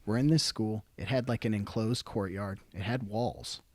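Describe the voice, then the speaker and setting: A man's voice: on the low side, normal speed, no room sound. A young man, a podcast guest and army veteran, telling stories casually and profanely, acting out quotes. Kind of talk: casual storytelling.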